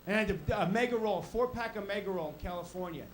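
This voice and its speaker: A man, doing an exasperated stand-up rant that builds to loud punchlines. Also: high voice, fast, a little hiss or hum, rough recording. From New York. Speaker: stand-up comedian. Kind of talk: stand-up routine.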